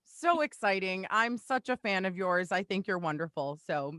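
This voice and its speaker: A woman joining a casual podcast by remote call, with a bright, sharp voice. The sound is close and dry. She talks in a bubbly, gushing way. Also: mid-range voice, expressive, normal speed, no room sound.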